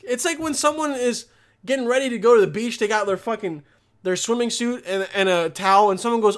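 Young male vlogger, higher voice, profane animated rambling rant. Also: a little fast. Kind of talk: casual vlog rant.

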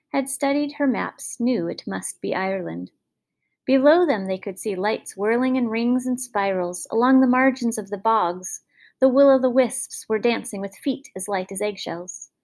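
A woman narrating a storybook fairy tale in an expressive, measured reading. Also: medium pitch, creaky.

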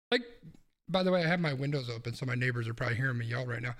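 Guy ranting on a sports podcast from home, cussing a lot, kinda high voice. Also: fast, a bit bright. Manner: heated, swearing, ranting. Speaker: podcast co-host. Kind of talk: casual sports chat. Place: home room with windows open.

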